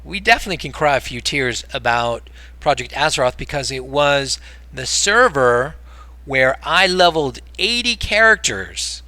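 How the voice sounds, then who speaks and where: A man's voice: on the high side, no echo. A man with an American accent chatting casually while streaming a game, rambling and then breaking into exasperated outbursts. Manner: rambling, swings between mumbling and loud exasperated outbursts.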